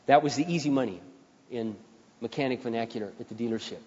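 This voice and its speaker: A man's voice: mid-range voice, quick pace. Male preacher, dramatic storyteller, dull sound from a big reverberant church. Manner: dramatic, shifts between passionate and quiet. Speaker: pastor. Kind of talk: sermon with storytelling.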